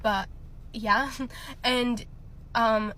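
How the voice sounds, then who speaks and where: A woman's voice: fairly high pitch, fairly even intonation, very slow, fairly bright tone. A young woman telling a personal story in a casual storytime, chatty, laughing often and filling with lots of ums and likes.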